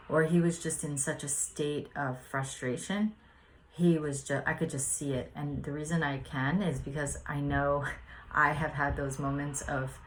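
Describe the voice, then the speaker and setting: A woman hosting a spiritual podcast, reading a lesson and then telling a personal story in an earnest, rambling way full of "like" fillers. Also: deep voice. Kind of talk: casual spiritual reflection and storytelling.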